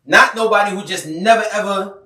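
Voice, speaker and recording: A man's voice: sits high, a little fast, pushed and bright, reverberant, far from the mic. A man co-hosting a podcast in casual chat, talking loosely and repeating his phrases. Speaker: podcast co-host.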